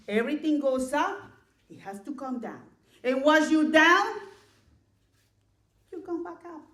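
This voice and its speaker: A woman clergy member gives a sermon in a high, unhurried voice. She reads scripture in a measured cadence and repeats her key lines so they land. The room around her rings with a roomy echo. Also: expressive. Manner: slow and deliberate, repeats key lines for emphasis.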